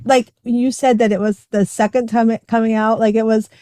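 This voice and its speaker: A woman's voice: a little high, level tone, fairly quick, warm tone, no echo. A middle-aged woman hosting a podcast, telling a personal story in a chatty way with lots of fillers. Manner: chatty, many fillers, acts out quoted voices. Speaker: podcast host. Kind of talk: casual conversational storytelling.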